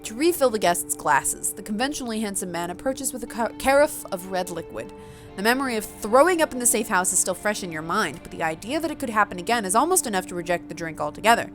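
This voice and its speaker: A woman's voice: mid-range voice, expressive, fast, a bit bright. Woman narrating a vampire story game, chatty and self-mocking, faint music behind. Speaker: player reading a story game aloud. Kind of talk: casual game playthrough with read-aloud narration.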